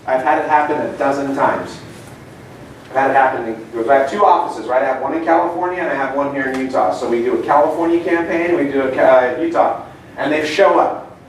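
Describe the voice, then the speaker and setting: A man's voice: mid-range voice, brisk, a little hiss or hum. A middle-aged man giving a seminar talk to an audience, telling stories and asking the room questions. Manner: chatty storyteller, asks the room questions. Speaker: seminar speaker. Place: meeting room. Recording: echoey room, mic far off.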